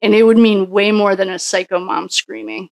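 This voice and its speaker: Woman tarot reader, gravelly fry, dry close sound, rambling think-aloud delivery. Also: mid-range voice, little pitch movement, moderate pace, darkish tone, no echo. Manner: musing, thinks aloud with frequent restarts. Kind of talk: casual solo tarot reading.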